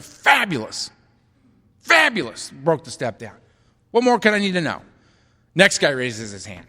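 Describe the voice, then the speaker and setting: A middle-aged man speaking at a recovery meeting, telling a story with an animated, self-mocking sense of humor. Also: on the high side, moderate pace, pauses often. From United States. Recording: hall reverb, live talk recording.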